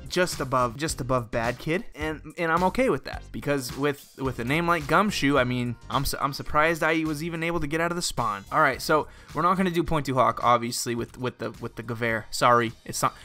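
A young man calls out his own gameplay in an excitable, self-mocking way. His voice sits a little high for a man and swings widely as he exclaims. Faint game music plays behind him. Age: young adult. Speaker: gaming video host. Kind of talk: live gameplay commentary.

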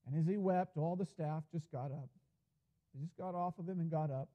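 A man's voice: on the high side, moderate pace, highs cut off. A man pastor preaching a sermon in a church, telling a story in an earnest way, often starting with "and, uh". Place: church sanctuary.

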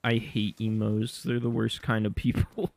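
A man streaming a survival game, giving casual commentary with sarcastic deadpan jokes and laughing at his own lines. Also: fairly low pitch, unhurried, vocal fry.

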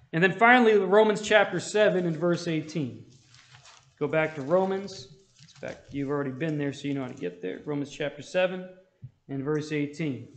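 High-voiced man teaching in an echoey church. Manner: conversational, asks the room for amens. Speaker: Bible study teacher. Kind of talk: Bible study teaching. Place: church hall.

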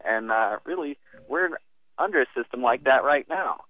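A man calling in to a radio talk show, speaking haltingly with frequent restarts and short laughs. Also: medium pitch, expressive, dry recording. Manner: halting, restarts often, laughs while talking. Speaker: caller. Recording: tinny dry phone line.

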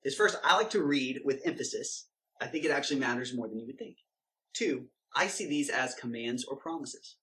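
A man's voice: medium pitch, expressive, moderate pace, a bit bright. A man giving informal Bible teaching in an emphatic, direct way that turns into preaching. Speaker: Christian video teacher.

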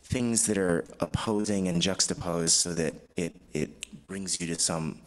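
A man's voice: low-pitched, steady tone, unhurried, poor audio. A man giving an academic presentation, speaking thoughtfully and hesitantly with frequent restarts, and reading quotations aloud. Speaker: fellowship presenter.

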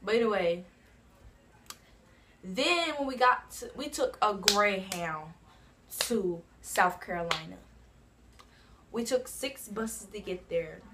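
A woman's voice: medium pitch, lively intonation, takes it slowly, long pauses, pushed and bright, slight background noise. A woman from New Jersey telling a casual storytime on her own channel, rambling and filling her talk with asides like "you know what I'm saying". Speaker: vlogger.

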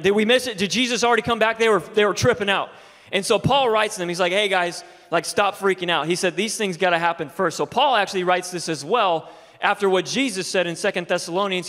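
High-voiced young man preaching in a hall. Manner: swings from quiet and low to shouting exhortation. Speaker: youth pastor. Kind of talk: energetic sermon. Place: church sanctuary.

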